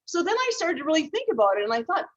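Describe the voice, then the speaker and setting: A keynote speaker from Minnesota gives a motivational talk, earnestly sharing personal stories and laughing at her own mistakes. Her high, sing-song voice comes out rapid-fire, and the audio sounds dull.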